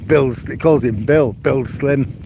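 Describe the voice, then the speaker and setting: A man's voice: medium pitch, gravelly, noisy background. A man, chatting casually on a live stream while walking outdoors along the coast. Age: 70s. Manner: unhurried rambling chat, answers viewers' comments.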